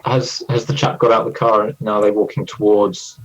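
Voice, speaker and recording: Low flat-voiced guy asking careful questions in a tabletop game, kinda muffled lo-fi mic. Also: moderate pace. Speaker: player.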